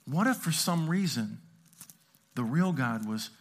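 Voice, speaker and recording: A pastor telling a lively, self-mocking story in a sermon, acting out sounds and his own thoughts. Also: mid-range voice, a little slow. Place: church sanctuary.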